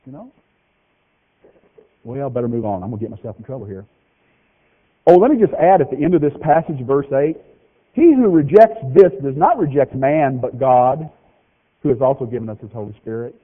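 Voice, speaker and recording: A man preaching a folksy, joking sermon, with lively swings in pitch. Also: moderate pace, pauses often. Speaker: pastor. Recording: tinny phone-like radio broadcast of a hall.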